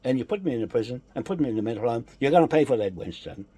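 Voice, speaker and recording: A man's voice: mid-range voice, expressive, racing, warm tone, breathy edge, no room sound. A man delivering an angry, accusatory political rant, repeating his charges with heavy emphasis.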